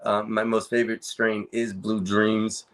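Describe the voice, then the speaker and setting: A man's voice: on the low side, completely flat delivery, unhurried, fairly bright tone. A man hosting a casual panel chat, rambling and joking in a loose way.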